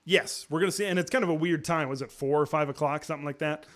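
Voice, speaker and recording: A man with a fairly high voice hosts a live college football talk show. He chats off the cuff with fillers and restarts, and his voice leaps up whenever he throws out a rhetorical question. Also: quick pace. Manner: excitable, pitch jumps high on rhetorical questions; conversational with frequent fillers and restarts. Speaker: sports talk host.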